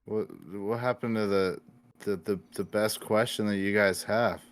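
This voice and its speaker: A man's voice: fairly low pitch, steady tone, clean tone. Joshing male podcast guest. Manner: laughing, joshing, quick to jump in. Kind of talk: casual podcast chat.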